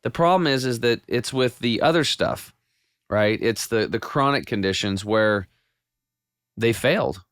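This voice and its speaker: A man guest on a podcast, telling his health story in a casual, animated way with many restarts. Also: mid-range voice, unhurried, no room sound, clean studio sound. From United States. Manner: animated storyteller with frequent restarts and quoted self-talk.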